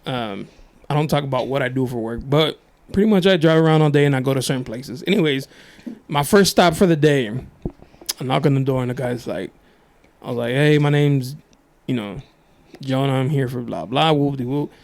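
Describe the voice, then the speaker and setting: A young man hosting a casual podcast, joking and teasing as he tells quick stories. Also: medium pitch, a little mellow. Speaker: podcast host. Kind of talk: casual chat.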